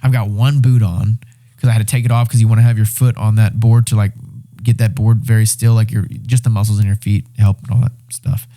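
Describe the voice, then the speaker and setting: A young man, a podcast guest, excitedly retelling a survival story in casual, animated talk with swearing and restarts. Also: lowish voice, a little fast. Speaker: podcast guest, reality show winner.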